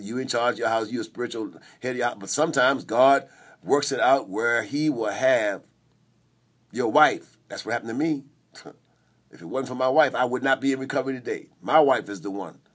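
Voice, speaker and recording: Male preacher, middle-aged, husky voice, emphatic call-and-response sermon delivery. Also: mid-range voice. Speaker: preacher on a recovery ministry radio show.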